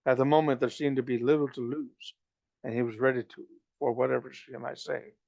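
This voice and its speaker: A man reading a novel aloud, halting and restarting as he goes. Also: mid-range voice, steady tone, creaky, darkish tone, dry recording, lo-fi sound. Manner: halting, with frequent restarts and slips. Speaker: reader.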